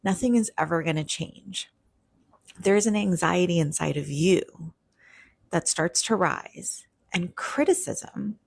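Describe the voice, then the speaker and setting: Woman couples counselor, low husky voice, dry close sound, casual conversational explainer, acts out partner quotes. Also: no echo. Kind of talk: direct-to-camera explainer.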